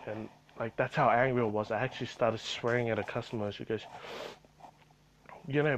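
A man's voice: medium pitch, steady tone, fairly quick, pauses often, poor audio. A man telling a rambling story about his retail job in a casual vlog, full of fillers and swearing.

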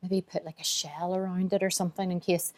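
Speaking a little fast in a lowish voice with little pitch movement, a business founder shares her story as a guest in a relaxed interview. Chatty and open, she narrates through quoted inner thoughts and calls herself emotional.

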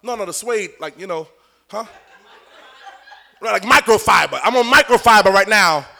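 High-pitched, animated preacher man. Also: moderate pace, vocal fry. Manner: animated, joking, coaxing the congregation. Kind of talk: live sermon.

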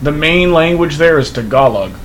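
A man's voice: fairly high pitch, normal speed, a little hiss or hum, rough recording. A young man from Texas co-hosting a podcast, talking casually, swearing and acting out quoted voices. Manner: animated storyteller, acts out quotes, swears freely. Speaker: podcast co-host. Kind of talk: casual chat.

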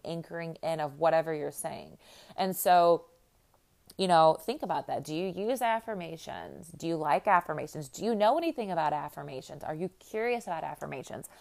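Chatty, upbeat Midwestern woman, lowish voice. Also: brisk, gravelly, darkish tone. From American Midwest. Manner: chatty and upbeat, lots of fillers like "like" and "you know". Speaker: podcast host and life coach. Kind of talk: casual monologue to listeners.

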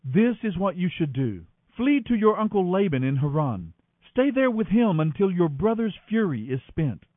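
A man's voice: high voice, very animated, moderate pace, dry recording, phone-quality sound, pitched above the performer's own voice. A man voicing an anxious mother urging her son to flee, in a dramatic scripture reading over a radio broadcast. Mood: urgent. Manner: urgent, worried.

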